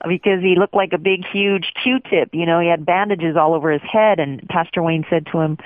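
A woman candidly telling her life story in an interview, animated and acting out what others said. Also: on the low side, a little fast, few pauses, no room sound. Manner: candid and animated, acts out quotes. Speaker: guest sharing her testimony. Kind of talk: personal storytelling on a phone interview. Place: Hawaii. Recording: tinny phone line.

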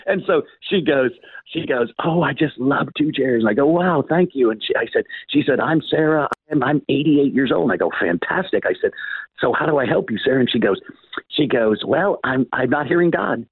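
Husky older man telling lively stories. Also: mid-range voice, moderate pace, no echo. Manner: acts out the voices of people in his stories. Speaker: author and guest. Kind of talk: animated storytelling in an interview. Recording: tinny phone-like line.

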